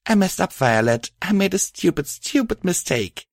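A man reading aloud and voicing a guilt-ridden young pony hero who stammers and confesses haltingly. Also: high-pitched, very animated, vocal fry, no room sound, clean studio sound, voice pushed up, full character voice. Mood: guilty.

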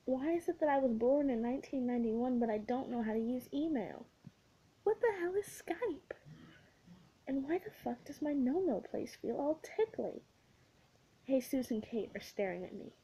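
A woman reading a comic story in first person, with wry, breathy asides. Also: a little high, moderate pace, warm tone, poor audio. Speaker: audiobook reader.

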